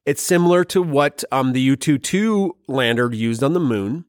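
A man talks through science news in a loose, jokey podcast style. His voice sits at an ordinary middle pitch and is recorded close and dry. He throws in playful quoted voices as he goes. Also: moderate pace, no room sound. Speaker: podcast host. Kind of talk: casual science podcast chat.

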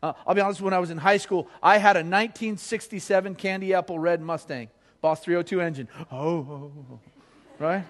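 A middle-aged pastor from Colorado, preaching with jokes and lively storytelling. His voice sits a little higher than most men's. He swings from punchy, energetic anecdotes to quiet, earnest appeals. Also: fast, hardly any pauses. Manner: humorous storytelling, energetic, drops low and soft for earnest appeals. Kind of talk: sermon.

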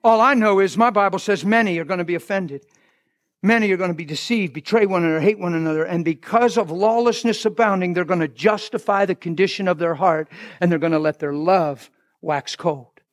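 A man preaching a sermon as pastor, fervent, swinging between shouts and hushed passages. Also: sits high, a little fast, no echo, studio quality.

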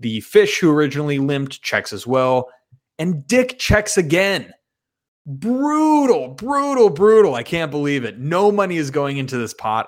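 A man recapping his poker hands in a casual, profane and self-mocking way. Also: a little high. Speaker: poker player.

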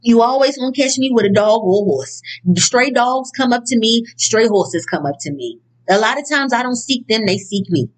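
A woman's voice: fairly high pitch, moderate pace, rough recording. Blunt, profane woman giving a pep talk. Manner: blunt and profane, animated emphatic outbursts. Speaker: speaker on inner-child healing. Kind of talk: casual motivational talk from notes.

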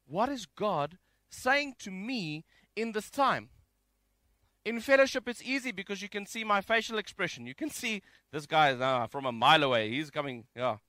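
A man giving a conversational sermon from home, reading scripture and mixing in jokes with an animated delivery. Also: sits high, normal speed, no room sound. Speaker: preacher. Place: home, during isolation.

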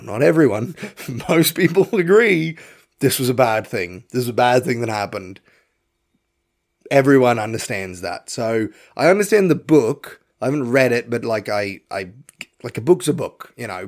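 Medium in pitch and a little mellow, this man's voice belongs to a podcast host. Young adult to middle-aged, he rambles bluntly through a profane film review in a casual rant.

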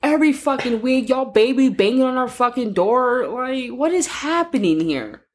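A woman's voice: high-pitched, moderate pace, a little hiss or hum. A woman co-hosting a podcast in casual chat, telling stories with heavy swearing and acting out what people said. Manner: animated storytelling, heavy swearing, acts out quotes. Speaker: podcast co-host.

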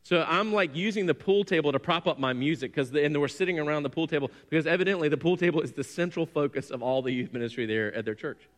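A male pastor preaching a sermon in an animated, self-deprecating way, often acting out stories. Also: a little high, quick pace, hardly any pauses, big-room sound.

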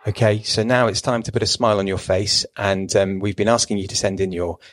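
A man co-hosting a casual medical podcast, jolly and quick to laugh as he talks. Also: on the low side, fairly even intonation, faint music behind, poor audio. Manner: jolly, laughs easily while reading. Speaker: podcast co-host.

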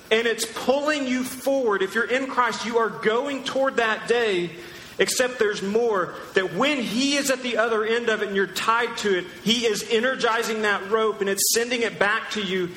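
A pastor preaching a sermon, teaching emphatically and asking the crowd questions. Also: male voice, sits high, moderate pace, sharp tone. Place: large church hall. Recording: echoey church hall with long reverb.

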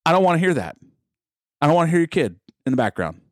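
A man's voice: on the high side, big pitch swings, fast, no echo, clean studio sound. A middle-aged man co-hosting a podcast, ranting bluntly and emphatically in casual chat. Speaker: podcast co-host.

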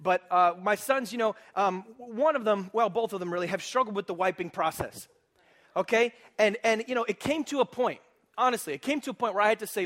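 A man preaches a sermon as pastor in a high-pitched, fairly quick voice. He is animated and humorous, often putting questions to his congregation.

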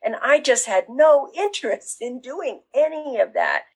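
A woman business coach talking casually in an interview, acting out excited reactions as she explains. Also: high voice, unhurried, slightly rough, low-quality recording. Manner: animated, acts out quoted reactions.

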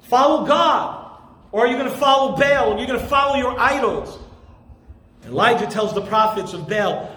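An impassioned male pastor delivers a sermon in a very high voice. He stresses his points hard and at times rises to shouts. His voice rings in an echoey room. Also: expressive, normal speed. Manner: impassioned, emphatic, rising to shouts.

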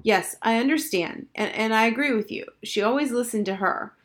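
A woman reads a storybook and puts on a fussy father stuck on a phone call, stammering and agreeing. His voice sits higher than her narration, with a polite, bothered edge. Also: natural voice. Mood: flustered. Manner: flustered, halting, polite.

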